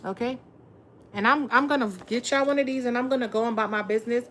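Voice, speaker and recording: A woman's voice: a little high, quick pace, fairly bright tone, slight background noise. A woman giving a casual tarot reading, blunt and full of profanity and slang, talking straight to her viewers. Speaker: tarot reader.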